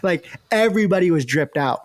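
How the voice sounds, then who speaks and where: A man's voice: high-pitched, expressive, fairly quick. A man hosting a podcast, chatting in a laid-back way with lots of fillers. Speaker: podcast host. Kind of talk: casual chat.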